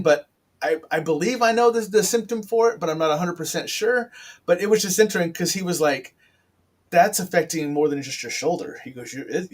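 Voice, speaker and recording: A middle-aged man hosting a casual chat, telling a personal story in a rambling, upfront way with many restarts. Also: a little high. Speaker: podcast host.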